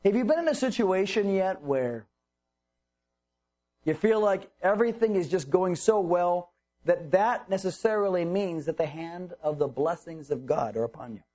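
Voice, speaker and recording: A man's voice: sits high, lively intonation, moderate pace, dark tone. A man preaching a sermon, reading Bible verses and explaining them earnestly with rhetorical questions.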